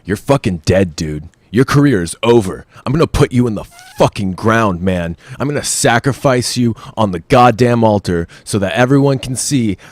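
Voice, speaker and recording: A man's voice: lively intonation, moderate pace, few pauses, no echo. A man voicing a furious, self-important guy who claims his identity was stolen, swearing and threatening in a comedic voicemail. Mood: enraged. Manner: profane, threatening rant with mocking falsetto asides.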